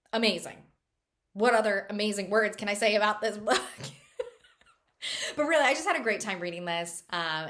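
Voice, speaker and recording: A woman's voice: mid-range voice, pushed and bright. A woman chatting casually as a book reviewer, bubbly and chatty with lots of fillers.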